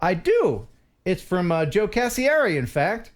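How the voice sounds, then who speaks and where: An American man hosting a casual live stream, playful and quick to laugh as he reads viewer messages. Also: sits high, very animated.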